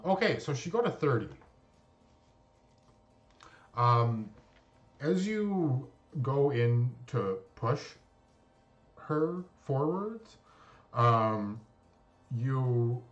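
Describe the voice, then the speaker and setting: A man narrating a tabletop game as game master, unhurried, with many filler pauses. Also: medium pitch, dull audio.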